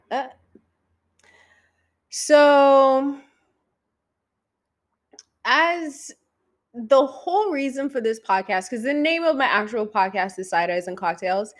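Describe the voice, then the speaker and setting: Slow-talking profane woman podcaster. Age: 30s. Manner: profane, teasing, talks straight to the listener; high inflection when excited. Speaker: podcast host. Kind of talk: casual solo podcast chat.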